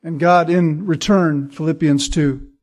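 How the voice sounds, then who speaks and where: A man's voice: a little high, fairly even intonation, unhurried, darkish tone. A man preaching a sermon, earnest and emphatic, building points through repetition. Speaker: pastor.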